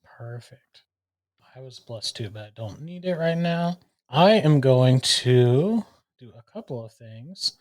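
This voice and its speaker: A man playing a tabletop game talks through his turn with eager energy. He checks the rules as he goes and speaks at an ordinary middle pitch. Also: lively intonation, slow, a little mellow. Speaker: player. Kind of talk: tabletop game play, casual chat.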